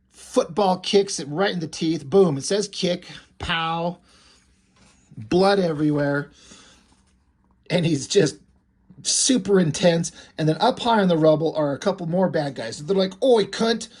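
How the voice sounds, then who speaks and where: Rambling, amused man reviewing comics. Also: fairly high pitch. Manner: rambling, amused, many fillers. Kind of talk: casual comic book review.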